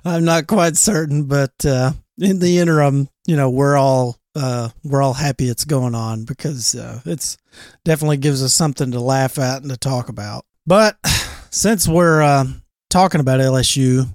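A man's voice: medium pitch, normal speed, a little mellow, no room sound, clean studio sound. A man co-hosting a casual sports podcast, talking loosely with profanity and frequent laughs. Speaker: podcast co-host.

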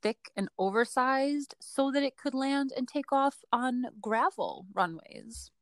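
A woman whose voice sits high speaks slowly on a dry recording as she co-hosts a podcast. She recounts an aviation story in a relaxed, talkative way, full of laughter, fillers, and hedges.

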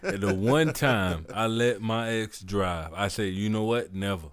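A podcast co-host with a low voice in a dry room. He speaks emphatically, often repeating a word for effect. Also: unhurried, no echo. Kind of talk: casual chat.

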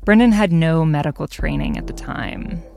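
A podcast host narrating a story in measured scripted sentences. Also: mid-range voice, gravelly, darkish tone, faint music behind.

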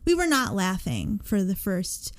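A woman co-hosting a podcast, casually recounting a frightening event in an emphatic, expressive way. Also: medium pitch, measured pace. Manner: emphatic, expressive, swears freely. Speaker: podcast co-host. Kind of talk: casual storytelling chat.

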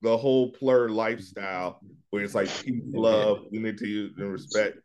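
A man's voice: fairly low pitch, fairly even intonation, normal speed, a little mellow. A middle-aged man chatting casually on a podcast, telling laid-back stories and acting out his own lines. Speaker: podcast co-host. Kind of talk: casual chat.

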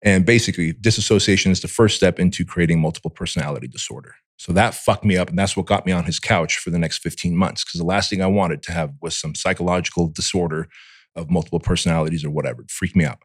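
A man's voice: low voice, fast, no echo, clean studio sound. A man from Armenia, a podcast guest telling a candid personal story in blunt, profane words and acting out his own inner voice.

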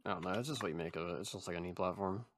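A man's voice: deep voice, very fast, a crowd in the background. A young man hosting a casual gaming podcast in a laid-back, jokey way, with frequent restarts.

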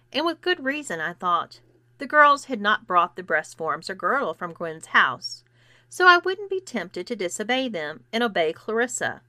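A woman narrates a story with a bright, tense edge and a lively, swooping pitch. She acts out the dialogue by changing her pitch and loudness. The close mic is dry, with no room sound. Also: no echo. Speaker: erotica podcast reader. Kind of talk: scripted fiction narration.

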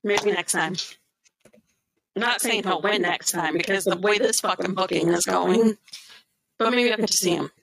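A woman's voice: medium pitch, moderate pace, creaky, pauses often, a bit bright, slight background noise, poor audio. A woman co-hosting a podcast, chatting casually and animatedly, laughing often and acting out what others said. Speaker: podcast co-host. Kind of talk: casual chat recapping wrestling shows.

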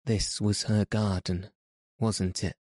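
A proud, imperious young master, as a man puts him on, issuing orders in a commanding storybook voice. The voice is a little lifted from the low, slow narration around it. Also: little pitch movement, a little mellow, dry recording, clean studio sound.

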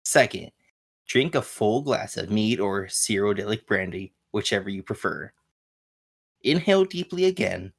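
Chill podcast guy, really deep voice, lots of uh and um. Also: moderate pace, gravelly, breathy edge. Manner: laid-back, hesitant with many fillers. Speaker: podcast co-host. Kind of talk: casual gaming podcast chat.

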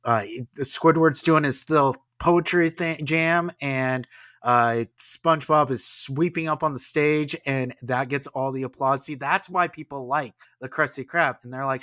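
A man's voice: medium pitch, steady tone, measured pace, bright, forceful tone, no room sound, clean studio sound. A man hosting a podcast in casual chat, playful and given to acting out little scenes as he talks.

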